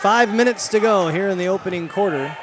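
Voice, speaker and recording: A man with a high voice and a Michigan accent calls high school basketball play by play, rising sharply for big plays. Gym noise and bouncing balls fill the background. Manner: quick play calling, rising for big plays, self-correcting names. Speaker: play-by-play announcer. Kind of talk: live basketball commentary.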